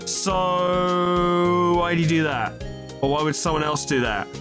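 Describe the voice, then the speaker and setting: A man's voice: sits high, fairly even intonation, measured pace. A man giving casual, joking and sarcastic commentary while playing a video game. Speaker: let's play host. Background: game music.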